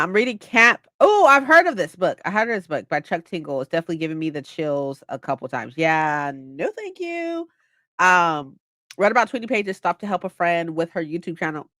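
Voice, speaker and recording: A woman's voice: on the low side, expressive, a little fast, fairly bright tone, no room sound. A woman in her twenties casually chatting on a livestream, playful and mock-dramatic as she reads her chat aloud. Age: 20s. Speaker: livestream host.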